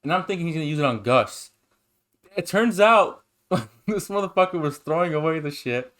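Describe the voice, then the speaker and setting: Young man, casual podcast chat, excitable, cursing, rambling stories. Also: on the high side, moderate pace. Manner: profane, excitable, rambling storytelling. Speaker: podcast co-host.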